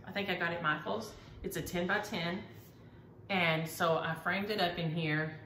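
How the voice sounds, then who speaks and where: In an echoey room with a little ambient noise, a middle-aged woman casually and eagerly shows her needlework for her vlog. Her voice is on the low side and a bit bright.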